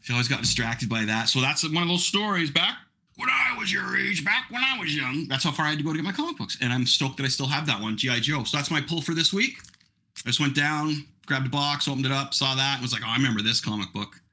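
A man's voice: fairly high pitch, lively intonation, quick pace, sharp tone, breathy edge. A middle-aged man hosting a podcast, chatting casually in a rambling, self-mocking way. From Canada. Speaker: podcast host. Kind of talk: casual chat.

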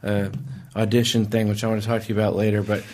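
A man's voice: fairly low pitch, little pitch movement, fast talker, darkish tone. A man hosting a podcast, telling a long story in casual chat, often restarting and repeating his phrases. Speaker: podcast host.

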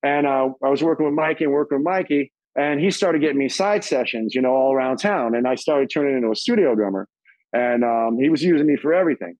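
A middle-aged man telling stories as an interview guest, casual and profane, acting out quoted voices in a higher pitch. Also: lively intonation, quick pace, a little mellow, dry recording, rough recording.

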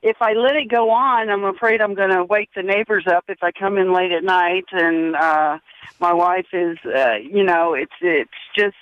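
A man's voice: sits high, moderate pace, smooth, no echo. A man calling in to a radio show by phone, talking hesitantly with many restarts. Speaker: caller. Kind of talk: phone-in question. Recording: dull phone line.

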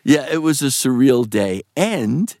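A man's voice: medium pitch, sing-song, measured pace, a little mellow, dry recording, studio quality. A man, an actor being interviewed, telling a long rambling story with swearing and frequent laughter. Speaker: actor guest.

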